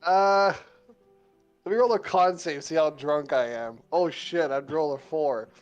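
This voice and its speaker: A man's voice: on the high side, a little slow, highs cut off, faint music behind. A man playing a tabletop game, speaking hesitantly and trailing off with fillers. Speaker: player. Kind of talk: casual tabletop game chat.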